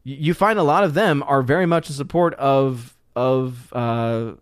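Recorded with studio clarity and no echo, this man speaks at a medium pitch and an unhurried pace. He's hosting his own channel on a live stream, chatting casually and reading out viewer comments, with loose delivery full of fillers and restarts.

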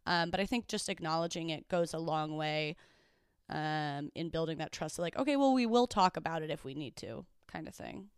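A woman's voice: deep voice, normal speed, clear, resonant tone, no room sound, studio quality. A woman co-hosting a casual podcast, talking things through reflectively with plenty of fillers. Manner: reflective, thinks aloud with many fillers. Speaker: podcast co-host. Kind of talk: casual chat.

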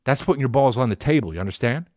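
A man's voice: mid-range voice, animated, racing, a little mellow, dry recording, clean studio sound. A man on a comedic rant, profane and rambling, swinging his delivery up and down as he riffs.

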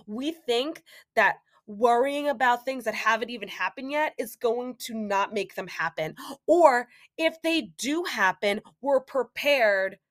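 A young adult woman hosting a solo podcast, talking casually and animatedly, acting out inner voices and quoted remarks. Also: on the high side. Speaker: podcast host.

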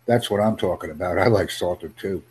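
A man teaching an English conversation lesson over a video call, upbeat and encouraging, speaking in simple, slowed-down phrases. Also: sits low, darkish tone, husky. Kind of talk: live online English lesson.

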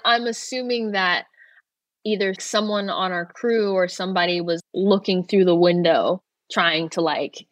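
A woman's voice: on the low side, steady tone, unhurried, no echo. A young woman guest on a talk show, chatting casually with many filler words and easy laughs. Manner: chatty, lots of "like" fillers and restarts, laughs easily. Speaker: actor guest.

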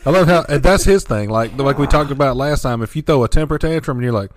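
A man's voice: mid-range voice, quick pace, slight background noise. A man chatting casually on a podcast, laid-back and telling stories with frequent laughs. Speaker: podcast host. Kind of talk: casual chat.

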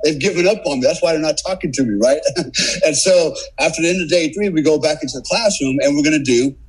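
Husky-voiced man telling a war story. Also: medium pitch, poor audio. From United States. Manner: animated, swearing, acts out quotes. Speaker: podcast guest, former special forces operator. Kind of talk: casual storytelling.

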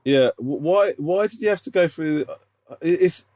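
Man, podcast co-host, teasing, questioning, animated pitch, dry close sound. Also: no room sound. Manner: teasing, incredulous questions, quick restarts. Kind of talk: casual chat.

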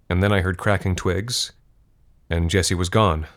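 A man reading a scripted horror story in a measured, grim manner. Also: sits low, steady tone, a bit bright.

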